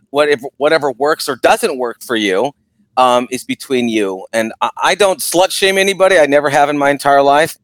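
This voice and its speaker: A man in casual podcast chat, emphatic and quick to agree. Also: mid-range voice, fairly bright tone, no echo.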